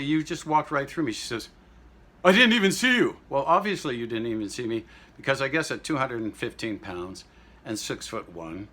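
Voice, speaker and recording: A man's voice: on the low side, bright, forceful tone, slightly rough. A man telling rambling, indignant everyday anecdotes in a casual vlog monologue. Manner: greets the audience in French and German. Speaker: vlogger.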